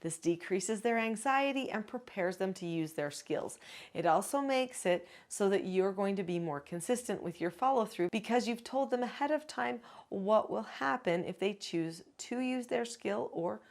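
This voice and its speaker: A woman working as a parenting educator and author, calmly explaining parenting skills step by step in an advice video. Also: medium pitch, normal speed. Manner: calm, instructive, explains step by step.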